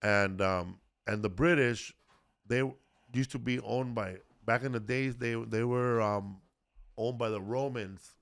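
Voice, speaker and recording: A man's voice: medium pitch, measured pace, fairly bright tone. Rambling, profane man hosting a podcast. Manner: rambling, profane, many fillers and restarts. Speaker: podcast host. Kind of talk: casual comedic history chat.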